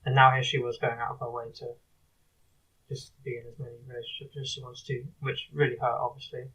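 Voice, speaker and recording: A man recording a confessional video diary, talking in a halting, rambling way with many restarts. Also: mid-range voice, little pitch movement, sharp tone, breathy edge, distant mic, rough recording. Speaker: video diarist.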